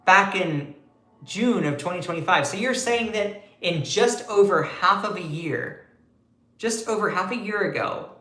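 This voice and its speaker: A man's voice: sits high, bright, forceful tone, roomy sound. A man giving casual, sarcastic political commentary on a live stream, asking rhetorical questions.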